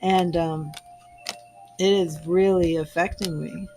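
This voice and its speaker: A woman's voice: lowish voice, steady tone, slow, darkish tone, slight background noise. A woman giving a live tarot reading, talking earnestly and gushing with emotion, a little teary-eyed. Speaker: tarot reader.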